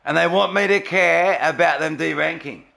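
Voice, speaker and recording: A man's voice: on the high side, normal speed, creaky, bright, forceful tone. A man hosting his gaming channel, giving sarcastic, mocking gameplay commentary and laughing often.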